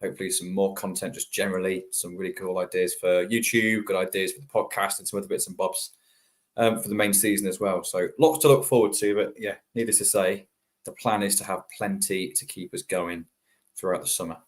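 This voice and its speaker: A friendly man with a fairly low voice chats as a regular pundit on a football podcast. He sounds keen and laughs easily as he talks. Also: fairly even intonation, a little fast. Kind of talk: casual football podcast chat.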